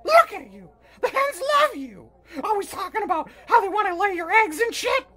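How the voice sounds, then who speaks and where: A neurotic male turkey puppet whines and curses in a shrill, nasal squeal. His very high, bright voice leaps around as he melodramatically swings from self-pity to shouting. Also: sing-song, normal speed, heavily acted. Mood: pleading. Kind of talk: puppet comedy sketch.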